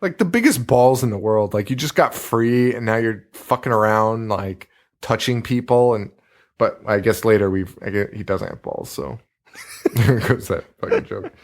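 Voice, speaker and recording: A man's voice: fairly low pitch, normal speed. A man co-hosting a podcast, recapping a horror movie in a casual, profane, laughing style of banter. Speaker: podcast co-host.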